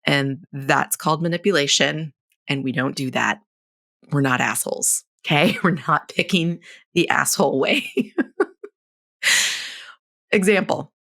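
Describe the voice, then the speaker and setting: A woman in her thirties hosting a solo podcast, coaching in a blunt, frank and animated way, swearing casually and laughing often. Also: deep voice, unhurried, creaky, pauses often. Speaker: podcast host.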